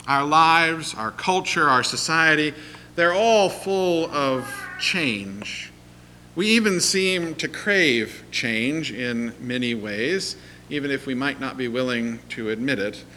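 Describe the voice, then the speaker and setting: A man preaching a sermon, telling a story in a measured way and letting his voice fall at the ends of phrases. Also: mid-range voice, sharp tone, a little hiss or hum, low-quality recording. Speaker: pastor.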